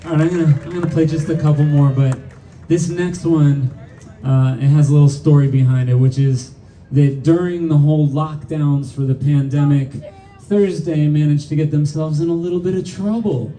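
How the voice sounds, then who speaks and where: A man's voice: on the high side, fairly even intonation, normal speed, mellow, a little hiss or hum. A middle-aged man, a band's singer, telling a rambling, profane story with frequent laughs between songs on a live stage. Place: live music venue stage. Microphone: stage vocal mic recorded from the crowd. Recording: distant live audience recording with band.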